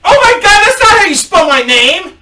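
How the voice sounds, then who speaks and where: A man's voice: high-pitched, animated, fairly quick, heavy background noise, voice pushed up. A man voicing an offended young woman guest who shrieks her complaints. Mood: outraged. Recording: roomy echo, mic at a distance.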